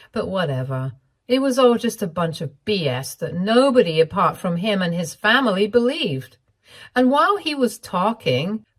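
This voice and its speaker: A woman with a somewhat low voice narrates a first-person story. Her delivery is measured and even, like a scripted reading.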